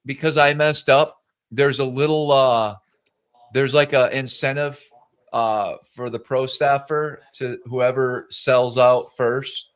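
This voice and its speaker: A man's voice: mid-range voice, steady tone, slow pace, clear, resonant tone. Casual livestream host man. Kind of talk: casual live-stream chat.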